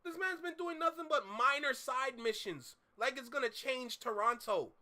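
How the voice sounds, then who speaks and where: High-voiced ranting man. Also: expressive, normal speed, bright, forceful tone. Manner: heated, ranting, swears. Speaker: reaction video host. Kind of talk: casual reaction commentary.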